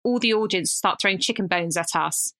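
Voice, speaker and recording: Woman co-host, thirties, casual chatter, bright forward tone, quick restarts. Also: mid-range voice. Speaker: podcast co-host. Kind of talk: casual chat.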